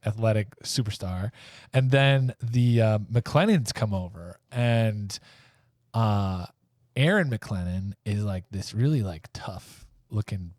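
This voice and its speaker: A man's voice: mid-range voice, a little mellow, dry recording, studio quality. A man co-hosting a podcast, telling a rambling comic story and acting out the characters' lines. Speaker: podcast co-host. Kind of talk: casual comedic storytelling.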